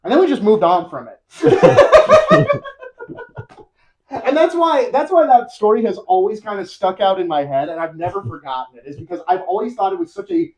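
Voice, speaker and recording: A young-adult podcast host casually retelling a story, animated and rambling, laughing often. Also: mid-range voice, normal speed, a little hiss or hum, rough recording.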